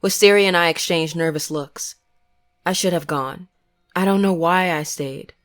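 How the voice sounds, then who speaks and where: A woman giving scripted first-person horror narration in a measured, grim way. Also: lowish voice.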